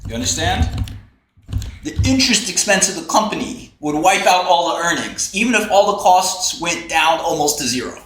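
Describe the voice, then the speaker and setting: A man's voice: a little high, big pitch swings, normal speed, fairly bright tone. A man hosting a casual livestream, ranting in a brash, profane, mocking way. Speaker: livestream host. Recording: roomy echo, faint typing.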